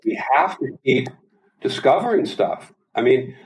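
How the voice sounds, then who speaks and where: A man in his sixties, a singer appearing as an interview guest, tells anecdotes in casual talk with a medium-pitched voice at a slightly slow pace. He is an animated storyteller who does voices. The audio quality is poor.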